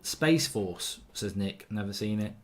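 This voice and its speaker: Reading viewer comments aloud during a live football watchalong, a man with a fairly low voice and lively intonation keeps things chatty. He's opinionated and quick to get heated about the refereeing.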